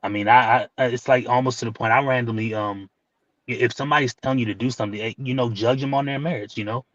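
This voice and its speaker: A man's voice: mid-range voice, fairly even intonation, fast talker, fairly bright tone, no room sound. Man, rambling opinion talk, filler-heavy, lo-fi dry recording.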